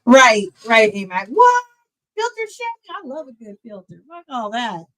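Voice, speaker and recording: Animated woman streamer reacting to a clip. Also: a little high, normal speed. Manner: animated, swearing, laughs often, talks back to the clip. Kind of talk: casual reaction commentary.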